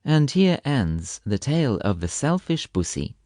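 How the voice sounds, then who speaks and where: Expressive man reading storybook tales. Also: medium pitch, a little slow, no echo, studio quality. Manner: expressive, gently playful reading. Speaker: audiobook narrator. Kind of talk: storybook narration.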